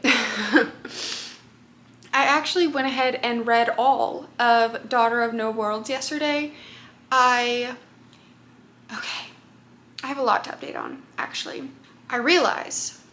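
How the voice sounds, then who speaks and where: A woman's voice: a little high, bright, forceful tone. A woman book vlogger talking casually to camera, chatty and rambling, with lots of fillers.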